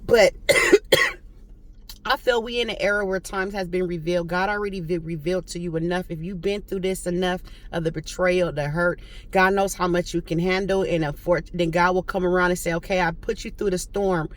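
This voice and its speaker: A woman's voice: lowish voice, fairly even intonation, brisk. A young woman, telling a story from her week in a chatty vlog monologue that turns preachy and faith-filled. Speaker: vlogger.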